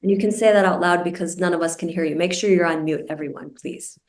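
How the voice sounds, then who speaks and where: A woman meditation teacher guiding a group through a breathing practice, speaking slowly and deliberately, over a video call. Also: lowish voice, a little mellow. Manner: slow, deliberate, soothing instruction. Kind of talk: guided meditation instruction. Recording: roomy and distant from the mic.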